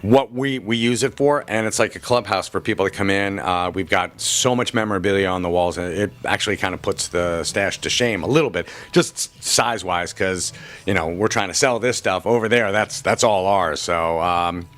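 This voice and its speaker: A man's voice: sits low, normal speed, a bit bright. A man working in a comic shop, answering interview questions in a chatty, joking way, with frequent restarts. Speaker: comic shop worker and podcaster.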